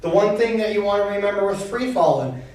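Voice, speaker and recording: A man's voice: sits high, lively intonation, fast talker, darkish tone. A man leading a dance class recap, explaining technique and chanting beats to show the rhythm. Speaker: dance instructor. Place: dance studio. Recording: very echoey room, mic far off.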